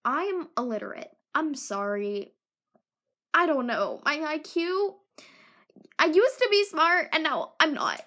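A woman's voice: sits high, animated, takes it slowly, sharp tone. A teenage girl hosting her own podcast, rambling in a jokey, self-deprecating way. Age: teens. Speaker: podcast host. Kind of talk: casual solo podcast chat.

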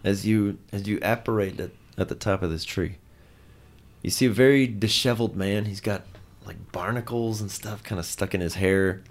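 A man narrating a tabletop role-playing game as game master, describing scenes in a relaxed storytelling way. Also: on the low side, normal speed.

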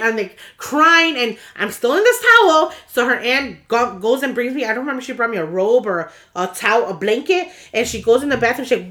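A woman's voice: on the high side, lively intonation, fast talker, sharp tone. A young woman telling a story in casual conversation, rambling with restarts and acting out the frantic moments. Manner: rambling with many restarts, acts out screaming quotes.

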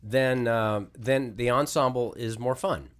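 A voice actor guest in casual chat, a man answering questions in a relaxed, thoughtful way with frequent restarts. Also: mid-range voice, a little slow.

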